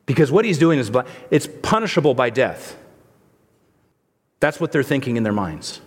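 A man's voice: mid-range voice, very animated, moderate pace, breathy edge. A male pastor preaching a sermon in a conversational way, asking the listeners rhetorical questions. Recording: long reverb of a large hall.

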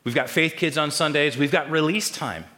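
A male pastor preaching a sermon in a church and pausing to ask the congregation questions. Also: on the high side, bright, forceful tone, long reverb tail. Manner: call-and-response questions to the congregation. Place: church sanctuary.

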